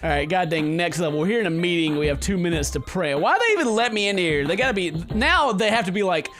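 A let's play gamer with a high, fast voice gives sarcastic, comedic commentary as he plays. He's animated and jokey, tossing in sarcastic asides and laughing often.

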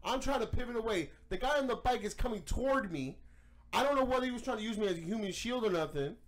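A man hosting a podcast, telling a story in casual chat, animated and profane. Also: very high voice, fast talker. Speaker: podcast host.

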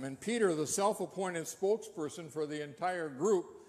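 Pastor guy preaching, kinda high voice, earnest questions, long church echo. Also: normal speed, few pauses, darkish tone. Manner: earnest storytelling with rhetorical questions. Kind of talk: sermon. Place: church sanctuary. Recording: long reverb of a church hall.

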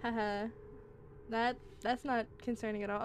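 A woman giving excitable let's play commentary, reacting out loud and swearing as she plays. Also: on the high side, a little slow, slight background noise. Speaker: gaming channel host.

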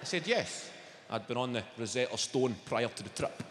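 A man in his thirties with a Glaswegian Scottish accent doing a stand-up comedy set, loud and sweary, teasing the crowd. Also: mid-range voice, a little fast, heavy background noise. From Scotland. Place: large theatre stage. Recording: echoey hall with loud audience.

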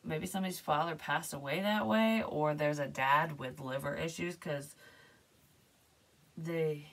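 A woman's voice: sits low, a little slow, far from the mic. A woman giving a casual, hesitant psychic tarot reading, rambling and sometimes dropping to a near whisper.

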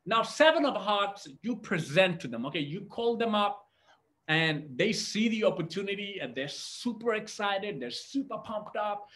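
High-voiced, energetic male sales trainer. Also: moderate pace. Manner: energetic, addresses audience directly. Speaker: network marketing trainer. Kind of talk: motivational training talk.

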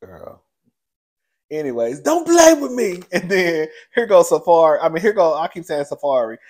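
Sassy, animated man dishing gossip. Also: a little high, moderate pace. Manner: sassy, animated, calls listeners "girl" and "child", laughs often. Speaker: show reviewer and host. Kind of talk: casual reality TV recap commentary.

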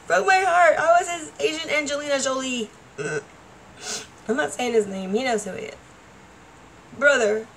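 A woman's voice: high voice, moderate pace, long pauses, fairly bright tone, a little hiss or hum, rough recording. A woman vlogger talking casually to the camera, rambling and laughing often. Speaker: vlogger and stage performer.

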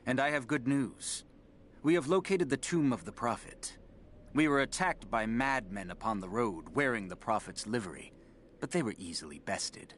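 A man's voice: mid-range voice, lively intonation, a bit bright, a little hiss or hum, natural voice. A man voicing a grave British zealot commander. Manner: grave, measured delivery. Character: solemn male zealot commander in a game. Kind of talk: game cutscene dialogue.

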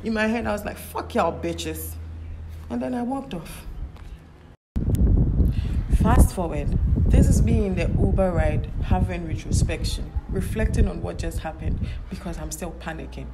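A young woman tells a story in a casual vlog, animated and indignant, and she swears freely. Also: fairly low pitch, moderate pace. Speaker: vlogger. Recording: clear background noise.

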